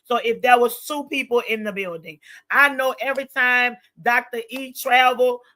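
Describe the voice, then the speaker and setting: A woman in her forties in a casual chat as co-host, expressive and teasing. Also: on the high side, moderate pace.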